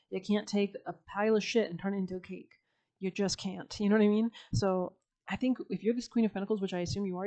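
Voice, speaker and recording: A tarot reader, a woman with a mid-range, dark-toned voice, gives a casual, chatty reading full of slang and filler words, often breaking into laughter.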